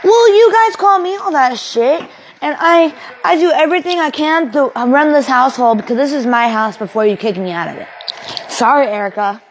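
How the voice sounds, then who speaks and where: Brief: woman acts an outcast young woman ranting at family; swears, sarcastic, slightly high-pitched, amateur film. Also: animated, normal speed, slight background noise, rough recording. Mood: angry. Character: bitter, volatile young woman kicked out by family.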